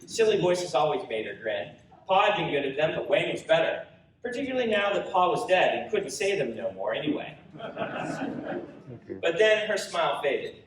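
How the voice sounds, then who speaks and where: A man reading his own story aloud at a convention panel, animated and storytelling. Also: fairly high pitch, normal speed, recorded from a distance, slight background noise. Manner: animated storytelling with character voices. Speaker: author reading his work. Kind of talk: live reading of a book prologue. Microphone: audience recorder in front row. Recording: roomy hall recorded from audience.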